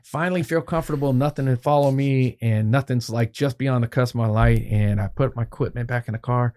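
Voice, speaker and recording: A man telling a long, animated story as a podcast guest, swearing freely and acting out what people said. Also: medium pitch, brisk. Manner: animated, profanity-laced, acts out quoted dialogue. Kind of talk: casual storytelling.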